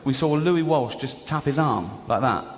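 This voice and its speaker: A stand-up comedian with a mid-range voice tells a story at normal speed, acting out the voices of its characters, animated and laughing often. It's a live recording in a large hall with the audience audible.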